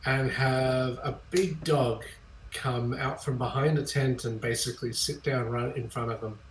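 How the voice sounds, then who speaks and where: A man's voice: mid-range voice, steady tone, unhurried, slight background noise. A man playing in a tabletop game, laid-back and joking as he describes his character's actions. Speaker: player. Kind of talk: tabletop role-play. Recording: echoey room.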